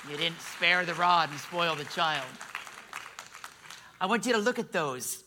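A middle-aged man preaching a sermon, emphatic, calling out for amens and shifting between loud declarations and soft asides. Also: mid-range voice, normal speed, a crowd in the background, background noise. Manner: emphatic preaching with rising calls for amen. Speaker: pastor.

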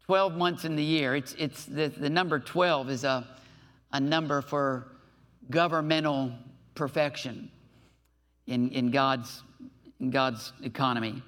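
A man preaching a sermon to his church, reading scripture aloud and breaking off with lively asides. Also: medium pitch, measured pace, pauses often. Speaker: pastor.

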